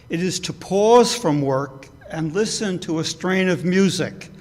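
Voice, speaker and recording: A man minister leading a church service, reading a meditation in a slow, measured way. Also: a little high. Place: church sanctuary. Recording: long reverb of a hall.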